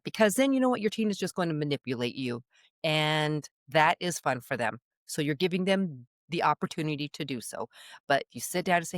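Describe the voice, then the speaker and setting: A middle-aged woman giving parenting advice straight to camera in a chatty, animated way, checking in with her listeners again and again. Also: on the low side, brisk, no room sound, studio quality. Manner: animated, chatty, keeps checking in with "okay?" and "all right?". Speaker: parenting coach. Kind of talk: direct-to-camera advice talk.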